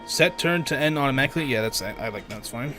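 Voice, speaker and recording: A man's voice: medium pitch, lively intonation, quick pace, sharp tone. Man hosting a game stream, joking, reading menus aloud, casual chat, faint music behind. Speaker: let's play host. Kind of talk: casual gameplay chat with friends.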